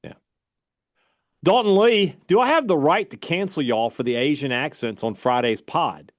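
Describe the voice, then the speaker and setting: A man with a Southern US accent co-hosting a casual sports chat podcast, laid-back, agreeable and quick to laugh. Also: on the high side, no room sound, studio quality. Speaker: podcast co-host. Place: radio studio.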